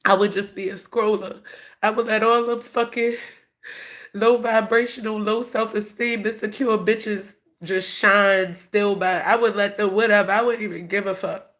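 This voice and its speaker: Woman livestreamer, mid-pitch, cursing bluntly, raw and unfiltered. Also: steady tone, moderate pace, a bit bright. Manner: blunt and profane, swinging from scorn to grief. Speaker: livestreamer, grieving mother. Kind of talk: casual livestream talk to viewers.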